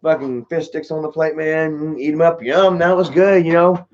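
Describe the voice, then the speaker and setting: A man's voice: fairly high pitch, fairly even intonation, moderate pace, dull audio, a little hiss or hum. A man hosting a livestream, telling rambling stories full of swearing, peppered with "you know" and "bro". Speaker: livestream host answering chat. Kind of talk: casual profane storytelling.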